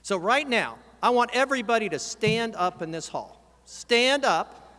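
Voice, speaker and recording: An American man who serves as an organization's president gives a convention speech in a large hall, stirring the crowd into shouts and chants. His voice is high and expressive, and he takes his time.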